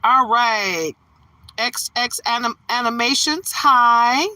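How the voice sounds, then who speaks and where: A woman from Detroit, Michigan, USA hosts a live tarot stream, bubbly and casual as she greets viewers by name. Her voice is on the high side with a sharp tone, and she takes it slowly. The recording is rough with no room sound.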